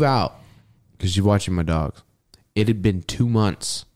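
A young man on a casual podcast, talking loosely and cursing freely as he tells a personal story. His voice sits a little low, and he jumps into a higher pitch whenever he mimics someone else. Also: a little slow. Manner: animated, profane, mimics others in a high voice when quoting. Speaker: podcast co-host.

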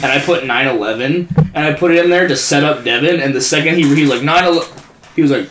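A man's voice: fairly high pitch, fast talker. A young man in casual chat, telling rowdy, laughing stories full of swearing. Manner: laughing, swearing storyteller who acts out his dad loudly. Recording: echoey room, faint noise.

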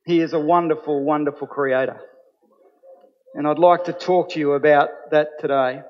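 Pastor preaching in a reverberant church. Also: male voice, fairly high pitch, steady tone, moderate pace. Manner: earnest, rising to emphatic preaching. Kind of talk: sermon. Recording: dull sound with long hall reverb.

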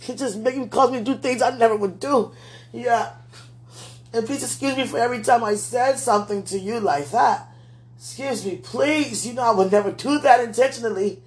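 A woman's voice: on the high side, normal speed, slightly rough. Pleading woman praying aloud. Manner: repetitive, pleading, talking to herself. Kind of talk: emotional spoken prayer.

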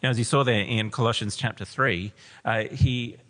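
A man's voice: mid-range voice, steady tone, normal speed, bright, forceful tone. A man preaching a sermon, reading scripture aloud with emphasis and then explaining it to a gathered church. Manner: emphatic, reads scripture with rising intensity. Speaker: pastor. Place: church hall. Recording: long hall reverb.

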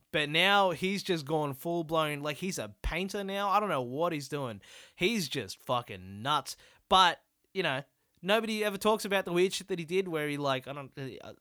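A man's voice: a little high, pushed and bright, clean tone, no room sound, clean studio sound. Rambling, sweary young Australian man. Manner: rambling, sweary and self-deprecating. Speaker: podcast host. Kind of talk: solo comedic podcast monologue.

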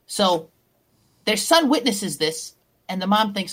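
A woman telling crude jokes in a casual, deadpan storytelling way. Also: mid-range voice, a little slow. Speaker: guest.

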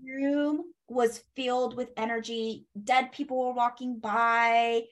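Animated woman telling a story. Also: on the high side, slow pace. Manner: animated, acts out quoted speech, laughs, swears. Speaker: guest. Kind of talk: casual interview storytelling.

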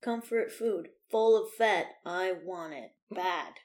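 A woman's voice: on the low side, slow pace, darkish tone. A young woman chatting casually on a podcast, teasing her co-host with crude jokes and lots of fillers. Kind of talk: casual chat.

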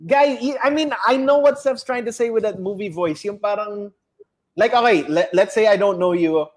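A man's voice: sits high, normal speed. A man with a Filipino accent hosting a casual comedy chat, switching between Tagalog and English and slipping into playful impressions.

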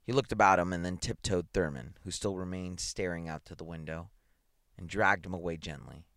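A man reading a science fiction story aloud in a measured, dramatic way. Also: low voice, a bit bright, no room sound, clean studio sound. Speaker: reader.

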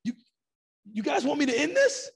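Husky gravelly man giving a lecture. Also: very high-pitched, normal speed. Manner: animated storytelling, acts out quotes. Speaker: Islamic lecturer. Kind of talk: lecture with stories.

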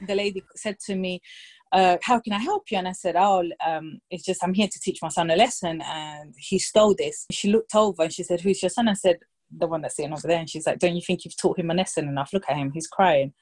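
A woman in her thirties telling a story in casual chat, lively and anecdotal, slipping into quoted voices for the people in it. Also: on the low side, quick pace. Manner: lively anecdotal storytelling, quoting others in brief put-on voices.

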